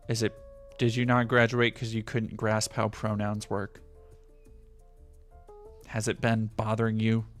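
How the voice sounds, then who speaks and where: A man streaming a game and commenting in a sarcastic, ranting, profane tone. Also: lowish voice.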